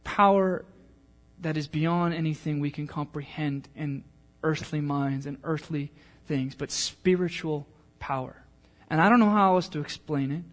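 A pastor preaching a sermon, mixing a casual, joking story with a softer, earnest appeal to the congregation. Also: male voice, on the high side, normal speed, few pauses.

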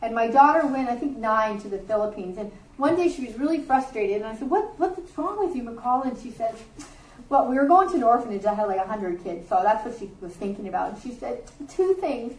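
A woman's voice: fairly high pitch, fast talker, darkish tone, reverberant, recorded from a distance, low-quality recording. A middle-aged woman giving a sermon to a group, earnest and conversational, with offhand asides. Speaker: Bible teacher. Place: warm room with a group.

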